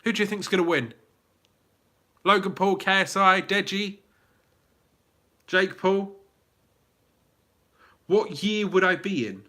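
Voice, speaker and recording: A livestream host from England with a southern English accent runs a casual live Q&A, chatting away, reading viewer comments aloud and restarting his sentences. His voice is high, animated, pushed and bright, at a moderate pace. He's chatty and full of fillers and restarts.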